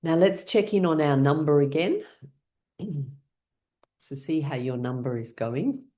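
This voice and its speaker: Slow, animated laughter class leader woman. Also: low-pitched. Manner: encouraging, breaks into fake laughs. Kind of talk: guided laughter exercise class.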